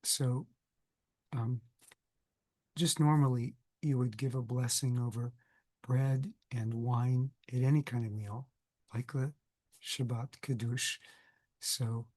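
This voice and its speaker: A man's voice: medium pitch, steady tone, takes it slowly, a little mellow, no room sound. Older man with a cold, video lecture, digressive and conversational, dry close sound. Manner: conversational, digressive, self-correcting. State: has a cold, coughing. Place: indoors, recording for video.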